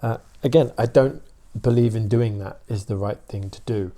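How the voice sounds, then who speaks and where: A British man, a dog trainer, explaining his views in a steady, opinionated casual talk with many fillers. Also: lowish voice, normal speed.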